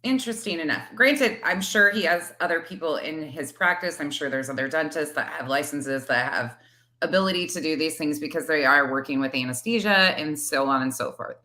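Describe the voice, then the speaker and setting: Bright-voiced woman hosting a commentary. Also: sits low, a little fast. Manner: chatty, breaks off with asides. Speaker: commentary channel host. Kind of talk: casual commentary.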